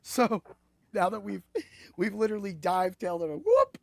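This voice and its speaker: An excitable man hosting a casual sports podcast, his voice carrying a gravelly edge. He rambles, swears and laughs as he talks, and the sound is close and dry with no room around it. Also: high-pitched, a little fast, no echo. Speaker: podcast host.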